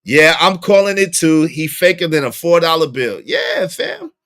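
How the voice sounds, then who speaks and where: A young man with a Brooklyn accent, giving slangy, animated live-stream commentary and laughing often. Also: a little high, moderate pace, no echo. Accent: Brooklyn New York. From Brooklyn, New York. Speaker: streamer reacting to a show.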